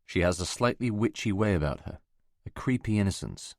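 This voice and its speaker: A man giving measured, scripted first-person narration of a novel for an audiobook. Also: on the low side, animated, gravelly, no echo, clean studio sound.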